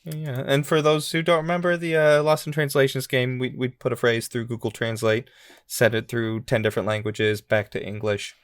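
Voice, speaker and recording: A man co-hosting a casual podcast, easygoing and quick to laugh, thinking out loud as he guesses answers. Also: medium pitch, steady tone, no echo. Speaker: podcast co-host, contestant in the game. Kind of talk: casual game-show podcast chat.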